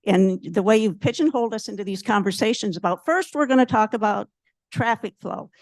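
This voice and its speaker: A woman's voice: mid-range voice, fairly quick, darkish tone, dry recording. A woman speaking at a city meeting's public comment, heated and blunt, repeating her points at a podium microphone.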